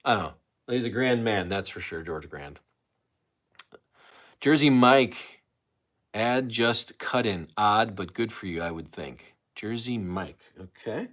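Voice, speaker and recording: Male livestream host, lowish voice, loose self-interrupting casual chat. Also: moderate pace, a bit bright. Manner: loose, self-interrupting, chatty with many fillers.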